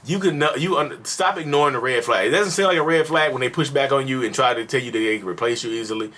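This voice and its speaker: A man's voice: mid-range voice, fast. A man hosting a mental health vlog, giving casual, preachy advice straight to camera, repeating himself for emphasis and breaking into acted voices. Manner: preachy, repetitive, animated, slips into acted voices.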